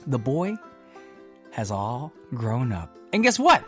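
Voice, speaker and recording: A man hosting a pop music radio show, reading entertainment news in upbeat patter with playful asides. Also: takes it slowly. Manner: animated, playful asides, swoops high on exclamations. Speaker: radio DJ host.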